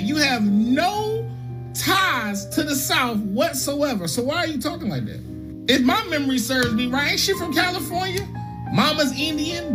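A woman giving a blunt, profane and mocking reaction rant. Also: high voice. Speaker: commentator. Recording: music playing underneath.

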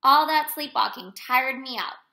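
A fun-loving storybook bear speaks up loud and hearty, as a woman reads him. The voice stays high and bright, easygoing and cheerful. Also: measured pace, vocal fry, full character voice. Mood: jolly.

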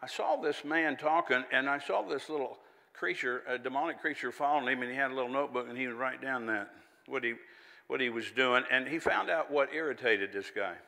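A man's voice: mid-range voice, a little fast, gravelly, bright, forceful tone, long reverb tail. A man preaching a sermon in a folksy, conversational way, with chatty asides and little laughs.

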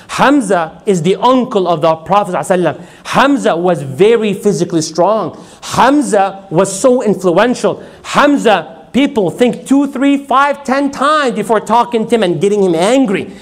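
A man with a high-set voice delivers a lively religious talk. He tells personal stories, voices the people in them, and keeps asking his listeners to respond. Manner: storytelling, acts out dialogue, asks audience to respond. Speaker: lecturer.

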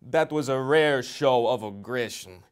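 A man doing a courteous former bodybuilder with a North Carolina accent, speaking slowly and carefully at a middle pitch. He talks in an earnest, formal way, like a gentle giant trying hard to stay humble. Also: clear, resonant tone, lightly acted. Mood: apologetic. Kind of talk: improvised comedy interview.

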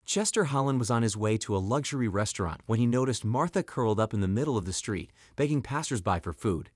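A man's voice: medium pitch, no room sound. Man narrating a story, dry sound.

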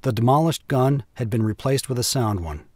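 A man reading a classic war story aloud at a measured, even pace. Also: mid-range voice, dry recording, studio quality. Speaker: audiobook narrator.

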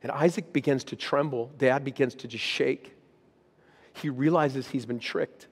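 A man's voice: mid-range voice, measured pace, husky. Man preaching a sermon, hall reverb. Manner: reads scripture aloud with rising intensity, then speaks plainly to the congregation. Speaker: pastor. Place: church auditorium.

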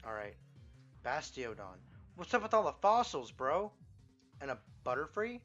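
A young man giving excitable, profane let's play commentary and reacting loudly to the game. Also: a little high, normal speed. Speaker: gameplay commentator. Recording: slightly muffled, game music behind.

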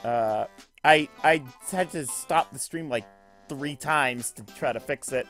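A man's voice: a little high, lively intonation, normal speed, faint music behind. A man streaming a video game live, joking and self-deprecating as he chats to viewers. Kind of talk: live let's-play commentary.

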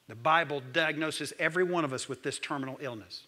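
A man, preaching a sermon as pastor, swinging between loud calls and hushed lines. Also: fairly high pitch, quick pace, hardly any pauses.

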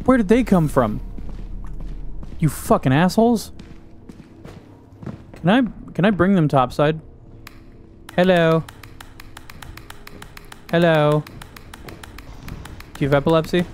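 A young man narrates his own game run, muttering to himself and cracking crude jokes. His voice sits a bit high for a man, and he jumps into startled yelps. Faint game music plays underneath. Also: slow, long pauses, a little mellow. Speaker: gaming YouTuber. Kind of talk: solo gaming commentary.

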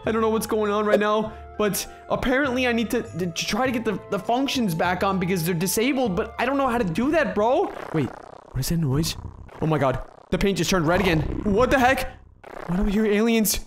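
A young man with a high voice commentates his game role-play in a panicky, excitable rush. He shouts often and fills his talk with "bro" and "dude". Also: a little fast, soft background music. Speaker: gaming YouTuber.

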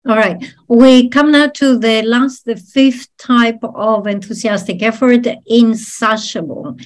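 Slow, measured woman teaching Buddhism. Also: fairly high pitch. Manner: measured, explanatory, with frequent fillers. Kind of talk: dharma teaching talk.

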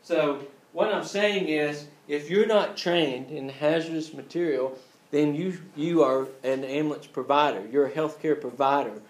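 A man's voice: on the high side, measured pace, roomy sound, poor audio. A man teaching an EMT class in a casual lecture style, joking and acting out scenes as he goes. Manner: joking, acts out scenes with voices. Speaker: EMT instructor.

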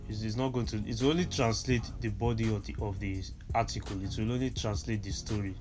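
A Nigerian man with a fairly low voice presents a tech tutorial, slowly walking through how to use a screen reader. He's hesitant and instructive, repeating words and using many fillers.

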